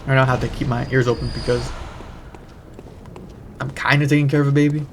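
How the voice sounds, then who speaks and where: A man's voice: medium pitch, level tone, fairly quick. A young man hosting a gaming channel, telling a long, profane, rambling story in casual commentary while he plays at home. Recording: noisy background.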